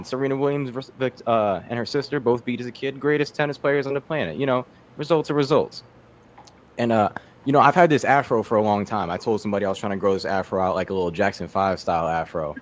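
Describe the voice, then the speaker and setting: A man's voice: medium pitch, fast, slight background noise. A young man doing a rambling, profane stand-up set on a video call, slipping into voices for the people in his stories. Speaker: stand-up comedian.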